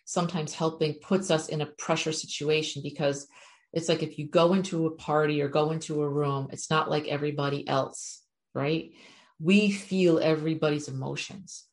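Low-voiced, chatty middle-aged woman. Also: a little mellow. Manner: chatty and frank, with casual swearing. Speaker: animal communicator and spiritual teacher. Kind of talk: casual spiritual talk to viewers.

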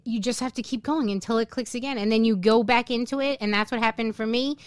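A woman in her forties speaks as a podcast guest in a smooth, clear voice. She tells her story with emphasis and acts out her own remarks. The studio sound is dry and close. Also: on the high side, steady tone, quick pace, no echo. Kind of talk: casual chat.

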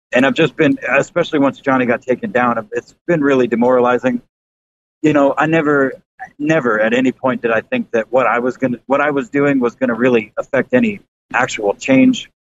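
Rambling man on a lo-fi podcast call. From American South. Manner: rambling, many fillers and restarts, swears casually. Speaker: YouTuber guest. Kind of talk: casual podcast chat. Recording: slightly dull lo-fi sound with faint rumble.

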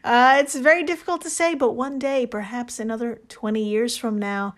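A woman's voice: on the high side, fairly even intonation, moderate pace. A woman co-hosting a podcast, telling a story in casual chat, laughing often and swearing freely. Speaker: podcast co-host.

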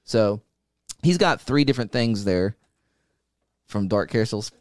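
A man co-hosting a podcast, telling stories in a profane, animated way and acting out what people said. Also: on the low side, measured pace, no room sound. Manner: profane, animated storyteller who acts out quotes. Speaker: podcast co-host. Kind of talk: casual podcast chat.

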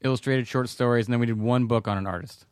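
A man's voice: mid-range voice, steady tone, fast, a little mellow, clear, resonant tone, no room sound. A middle-aged man, a podcast guest telling stories with dry jokes in casual chat. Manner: dry, joking storyteller.

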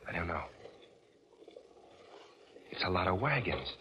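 An actor playing a brash, wisecracking American army sergeant, in a 1940s radio drama. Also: male voice, deep voice, very animated, unhurried, pushed and bright, heavily acted. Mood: gruff. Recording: old radio recording with faint hiss.

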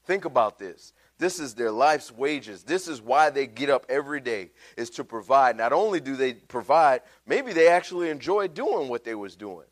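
A man's voice: medium pitch, lively intonation, normal speed, few pauses. A middle-aged pastor preaching a sermon, telling his own story in a casual, heartfelt way. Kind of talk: sermon with personal testimony.

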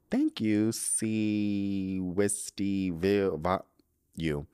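A man's voice: medium pitch, expressive, a little slow, fairly bright tone. A man hosting his own podcast in a casual solo monologue, sassy and profane with plenty of slang and laughter, sounding weary and stressed. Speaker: podcast host.

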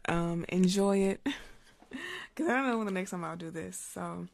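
A slightly hoarse young woman, an ASMR creator, chatting casually on a livestream in her regular voice, reading viewer comments aloud and laughing often. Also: lowish voice, lively intonation, a little slow. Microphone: studio mic with pop filter.

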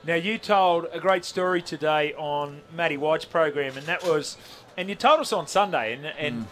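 A man's voice: a little high, normal speed, a bit bright, slight background noise. A man with an Australian accent hosting live sports radio, upbeat and steering the conversation. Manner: upbeat, steering the talk, reading out numbers. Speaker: radio host.

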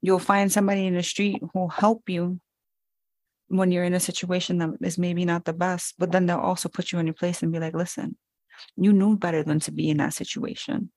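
A woman's voice: lowish voice, flat delivery, fairly quick, a little mellow, dry recording. A woman in her thirties, a podcast co-host, chatting candidly and telling stories about her children. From New York. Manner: candid, storytelling, acts out her kids' lines. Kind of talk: casual chat.

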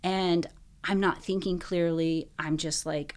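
Deep-voiced young woman, interview guest, earnest, lots of "like", talks in quick bursts. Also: fairly even intonation, clear, resonant tone. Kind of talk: personal story in an interview.

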